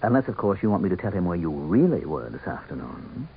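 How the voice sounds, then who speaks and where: An actor playing a sly, sardonic male campaign manager who speaks with smooth, mocking politeness in a 1970s radio drama. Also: sits low, sing-song, fast, slight background noise, exaggerated voice. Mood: menacing. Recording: thin, tinny old radio broadcast.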